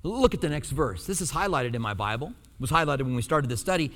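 A male pastor with a fairly high voice talks fast through his church sermon, animatedly telling stories and acting out quotes for laughs. Long hall reverb colors the recording.

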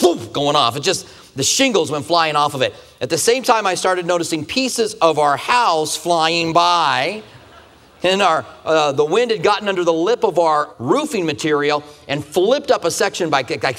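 A man's voice: a little high, fairly bright tone. A man preaching a conversational sermon, asking the listeners rhetorical questions. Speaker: pastor. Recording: long hall reverb.

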